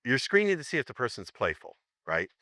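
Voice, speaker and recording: A man's voice: medium pitch, huge pitch swings, brisk, bright, forceful tone, no echo. A man teaching a live seminar, joking and rambling as he acts out sample lines for the room. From United States.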